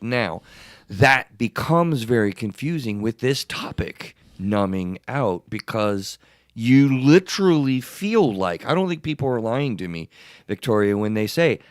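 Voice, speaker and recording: A man hosting a therapy podcast, talking in an animated, wordy way and often repeating himself. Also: lowish voice, unhurried, no room sound, clean studio sound. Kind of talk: casual podcast discussion.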